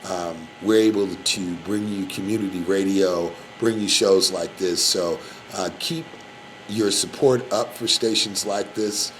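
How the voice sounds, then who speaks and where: Male live radio host, lower voice, loose and filler-heavy, slight noise. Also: fairly even intonation, measured pace, low-quality recording. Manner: rambling, filler-heavy, shout-outs. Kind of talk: casual live radio talk.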